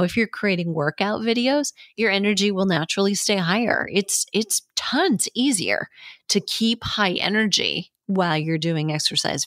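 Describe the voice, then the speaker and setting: Middle-aged female podcast host, upbeat coach, lower pitch, dry close studio sound. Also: dry recording. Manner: upbeat, coaching, demonstrates warm-ups. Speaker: podcast host and fitness educator. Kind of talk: solo podcast advice. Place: home studio, seated. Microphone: studio mic.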